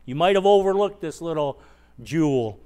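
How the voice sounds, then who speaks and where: A man's voice: on the high side, expressive, moderate pace, dark tone, clear, resonant tone. A man preaching a sermon, retelling a scripture passage conversationally and asking the congregation rhetorical questions. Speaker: pastor.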